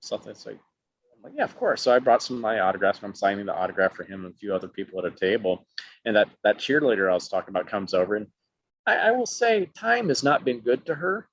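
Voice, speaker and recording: A lowish, quick-paced voice belongs to a middle-aged Alabama actor who animatedly acts out quoted people using many voices as he tells stories in a casual interview. The recording is dry, dull and lo-fi.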